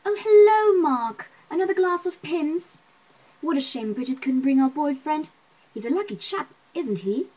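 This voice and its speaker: A woman reading the part of a chatty, pushy middle-aged neighbor who laughs at her own jokes, with a husky voice. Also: sits high, lively intonation, normal speed, dark tone, voice pushed up, poor audio. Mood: gossipy.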